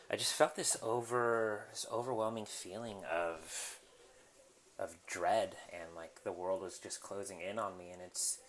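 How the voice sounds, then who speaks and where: A young man with a somewhat low voice talks through a personal story in a loose, candid way. He stops and restarts often and fills gaps with ums. He is recording himself at home in his apartment. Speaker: podcast host. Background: household noise.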